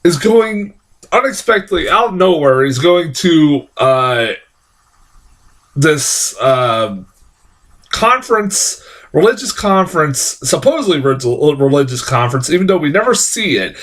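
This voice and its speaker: Profane, animated male film reviewer. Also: a little high, a little slow. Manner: profane, exasperated, frequent fillers and restarts. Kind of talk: casual movie review rant.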